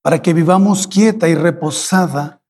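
A man's voice: on the high side, fast, a little mellow, husky. A middle-aged man with a Spanish accent, a native Spanish speaker, preaching a fervent bilingual sermon in a pleading, repetitive way. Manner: fervent, pleading, repeating phrases. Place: church. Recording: echoey church hall.

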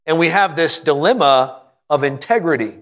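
Folksy preacher man, slightly higher voice. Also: lively intonation, normal speed, fairly bright tone. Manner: folksy, joking, asks the congregation questions. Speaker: pastor. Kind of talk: sermon.

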